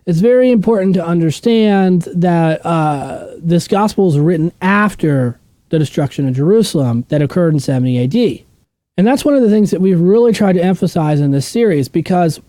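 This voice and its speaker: Blunt, animated man teaching Bible study. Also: high voice, dry recording. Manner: blunt, opinionated, asks and answers his own questions. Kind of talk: casual unscripted teaching.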